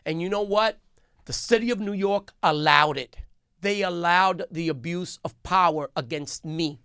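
Speaking at a measured pace, a business owner whose clear, resonant voice sits high, with vocal fry, gives an emphatic interview in a radio studio. His tone grows increasingly heated and forceful, captured dry on a studio microphone.

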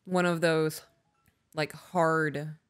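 Casting note: woman podcast co-host, low-ish voice, candid and emotional, casual and profane. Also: little pitch movement, extremely slow, clean tone, faint music behind. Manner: candid, emotional, swears freely. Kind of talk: casual chat.

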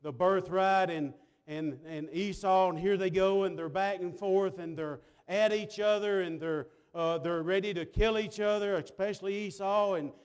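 High-voiced preacher, folksy. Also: male voice, clean tone. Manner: folksy preaching, swings from hushed to loud. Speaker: pastor. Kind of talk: sermon. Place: church sanctuary.

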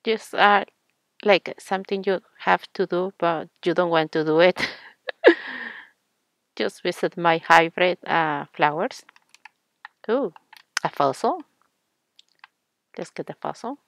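Slow, soft-spoken woman narrating gameplay. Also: on the low side, dry recording. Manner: soft-spoken, slow, with frequent fillers and small laughs. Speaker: gaming channel host. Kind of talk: casual gameplay commentary.

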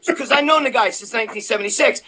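Loud, profane older man telling stories. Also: very high voice, very fast. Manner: loud, profane, animated storyteller. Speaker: co-host of a bodybuilding live show. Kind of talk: profane storytelling chat. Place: his sister's house.

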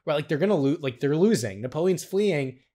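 A man's voice: fairly high pitch, lively intonation, fairly quick, mellow. A man co-hosting a podcast, retelling a film's plot in a casual, enthusiastic way with loose fillers. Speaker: podcast co-host. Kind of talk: casual film recap.

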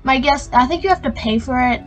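A young woman gives relaxed, unhurried commentary as she plays a video game. Her voice is fairly high, and faint music runs beneath it. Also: poor audio. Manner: relaxed, reading game text aloud. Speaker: gaming channel host. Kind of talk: casual gameplay commentary.

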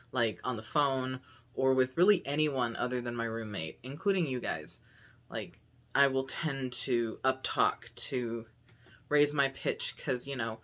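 A young man talks casually to his camera at home in a vlog. His voice sits at a middle pitch for a man. He is chatty and upbeat, rambling along with plenty of fillers. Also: bright, forceful tone. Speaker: vlogger. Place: home room.

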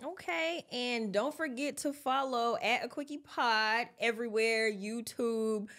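A woman's voice: a little high, a little slow, fairly bright tone. A woman hosting a podcast in casual chat, talking earnestly and laughing often. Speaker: podcast host.

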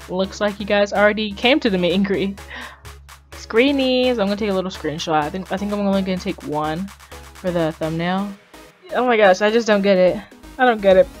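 Chatty excitable woman gaming YouTuber. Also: mid-range voice, moderate pace, soft background music. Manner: chatty and excitable, rambling, often laughing. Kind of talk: casual game commentary.

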